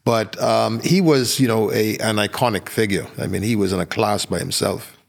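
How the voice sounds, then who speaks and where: Older Bahamian male guest, low voice, animated anecdotal storyteller. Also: moderate pace, gravelly. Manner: animated anecdotes, many fillers and restarts. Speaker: guest, former politician. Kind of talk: podcast interview storytelling.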